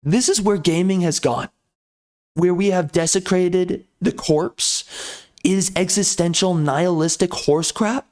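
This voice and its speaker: High-voiced man ranting on camera. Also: unhurried, darkish tone. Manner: ranting, repeats himself, blunt. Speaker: video commentator. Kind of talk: ranting commentary.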